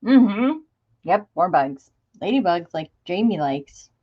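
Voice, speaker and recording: A chatty woman hosts a craft livestream at an unhurried pace, her slightly low voice swooping up and down as she greets viewers by name. The sound is dull and lo-fi, like a phone or webcam mic. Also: very animated, slightly rough. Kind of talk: casual live chat while showing craft supplies.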